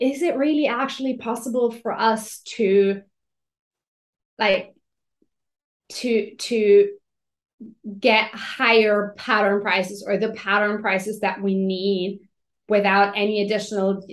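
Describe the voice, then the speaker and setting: A woman's voice: mid-range voice, steady tone, slow pace. A woman guest on a podcast interview, speaking hesitantly and often repeating words while she searches for them. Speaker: magazine owner, guest. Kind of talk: casual interview chat.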